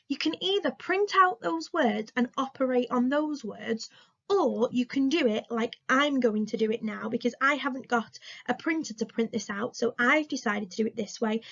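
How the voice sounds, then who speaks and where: An English woman teaching a recorded remote lesson to young children, speaking slowly, clearly and encouragingly. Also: a little high, muffled recording. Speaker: primary school teacher.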